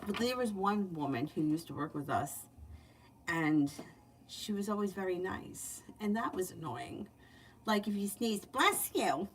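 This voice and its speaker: A woman's voice: mid-range voice, unhurried. Chatty woman reading tarot, mic at a distance. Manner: chatty, candid, laughs often. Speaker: tarot reader. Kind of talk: casual livestream chat and card reading. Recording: distant mic, faint background noise.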